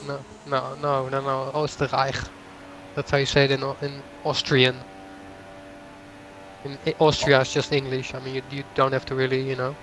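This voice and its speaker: A man's voice: medium pitch, monotone, moderate pace, a bit bright, rough recording. A young man co-commentating a sim race, teasing and asking his partner questions. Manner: teasing, laughs often, asks questions. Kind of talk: live esports race commentary. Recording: faint background hum.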